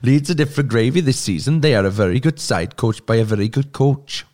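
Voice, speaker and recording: A man putting on a slow Welsh fan voice. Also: mid-range voice, darkish tone, lightly acted. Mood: mock earnest. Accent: Welsh (put on).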